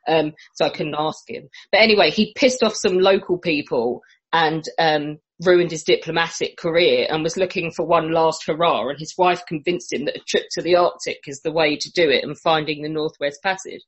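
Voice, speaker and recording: A low-pitched woman with a husky edge to her voice. She rants bluntly and sarcastically, swearing freely as she tells a history story on a casual podcast. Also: steady tone, normal speed, low-quality recording. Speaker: podcast co-host presenting a history topic. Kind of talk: casual comedic podcast chat.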